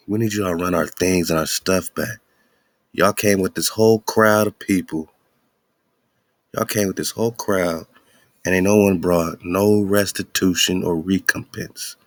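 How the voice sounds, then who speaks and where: A man's voice: sits low, fairly even intonation, measured pace, dry recording, studio quality. A male radio host giving casual, heated commentary, slangy and preachy.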